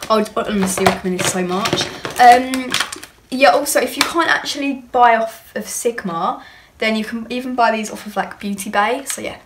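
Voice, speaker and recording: Speaking at a normal speed in a slightly high voice, this young beauty vlogger rambles cheerfully through a casual unboxing, gushing over what she finds. Background noise and clicks can be heard, though the audio is clear.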